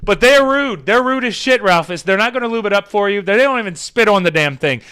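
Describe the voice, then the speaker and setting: Male podcast host, high and bright, rambling comic storyteller who swears casually. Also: fairly quick, clear, resonant tone. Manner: rambling, animated, many fillers and restarts.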